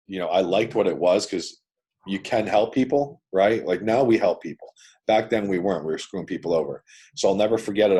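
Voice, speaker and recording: A low-pitched man speaks over a video call, telling his own story with casual bluntness. He swears freely and keeps tossing in "man" and "dude" as he talks. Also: darkish tone. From Canada. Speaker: guest entrepreneur.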